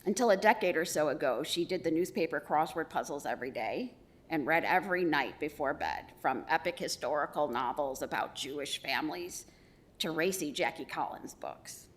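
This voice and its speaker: A middle-aged woman giving a eulogy for her mother, telling stories with gentle humor. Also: deep voice. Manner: warm storytelling with gentle humor. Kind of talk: funeral eulogy.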